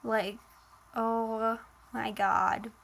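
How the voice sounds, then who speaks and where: A woman's voice: fairly high pitch, flat delivery, drawn-out words, gravelly, fairly bright tone, a little hiss or hum. Chatty woman telling a dramatic story. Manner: filler-heavy, dramatic, emotional retelling. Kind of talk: casual personal storytelling.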